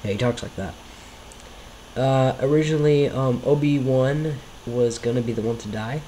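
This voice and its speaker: A man talks through his own homemade videos in a loose, rambling way, apologizing for his mistakes as he goes. His voice sits at an ordinary middle pitch, and a faint hiss runs under the recording. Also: moderate pace, warm tone, rough recording. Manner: rambling, self-deprecating, apologetic. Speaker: video creator commenting on his own series. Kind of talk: casual commentary over his own videos.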